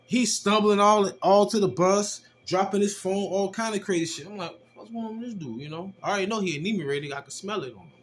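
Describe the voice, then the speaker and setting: A man casually telling a personal testimony, animated and slangy, with rough language as he acts out the exchanges he describes. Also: on the high side. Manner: animated, slangy and profane, acting out quoted exchanges. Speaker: storyteller giving a personal testimony.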